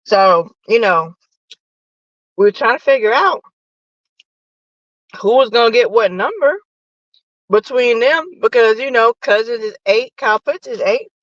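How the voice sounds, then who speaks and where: A woman hosting a casual, profane sports chat from her parked car while eating lunch, animated and nosy. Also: fairly high pitch, a little slow, long pauses, no room sound, dull audio. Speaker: sports podcast host. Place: parked car in a parking lot.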